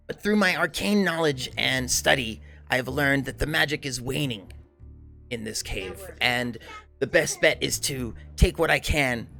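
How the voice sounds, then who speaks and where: A man voicing a scheming male villain, a thief who serves a dark master, with a sneering, scornful manner. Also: medium pitch, vocal fry, full character voice.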